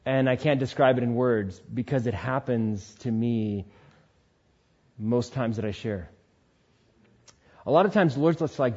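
A man giving a spoken testimony in a sermon style, telling his story in an animated way and acting out the voices in it. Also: mid-range voice, moderate pace, long pauses, slightly rough, highs cut off. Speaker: speaker sharing testimony.

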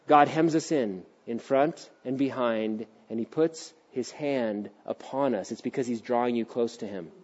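A middle-aged man preaching a sermon as pastor of a church, animated and acting out little voices, sometimes dropping to a hushed tone. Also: medium pitch, unhurried, few pauses. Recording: dull lo-fi sound.

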